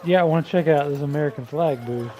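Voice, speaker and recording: A man playing in a tabletop role-playing game who answers in a relaxed, casual way and partly speaks as his character. His voice sits a little higher than most men's. A faint background hiss can be heard. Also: fast. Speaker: player.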